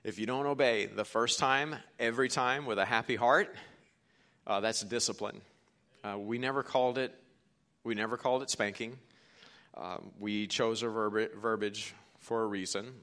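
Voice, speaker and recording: A middle-aged man preaching a sermon as pastor, telling stories and swinging from hushed to forceful. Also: on the low side, steady tone, normal speed. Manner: storytelling, quoting others, swings from hushed to forceful.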